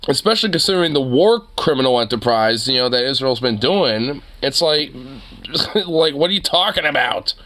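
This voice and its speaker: Animated cursing young man on stream. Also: mid-range voice, moderate pace. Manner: profane, animated ranting, laughs often. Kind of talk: casual stream chat.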